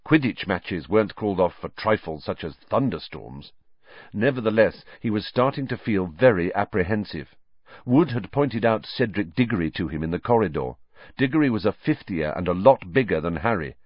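A man narrating a novel as an audiobook in an expressive storytelling way. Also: lowish voice, moderate pace, no room sound, muffled recording. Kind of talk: scripted narration.

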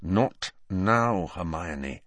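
A man's voice: medium pitch, very animated, normal speed, husky, dry recording, voice pushed up. Harry, a man doing a curt guarded teenage boy. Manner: curt, evasive.

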